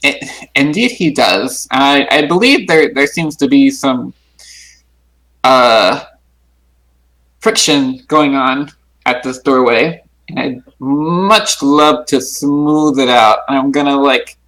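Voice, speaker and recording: A man's voice: mid-range voice, slow, fairly bright tone, low-quality recording. A man playing a tabletop game in character, stammering and playful. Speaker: player.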